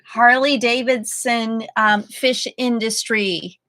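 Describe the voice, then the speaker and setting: A woman's voice: on the high side, steady tone, slow, bright, forceful tone, no room sound. A woman co-hosting a casual comedy podcast, tossing in wry quips and playful jabs. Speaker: podcast co-host.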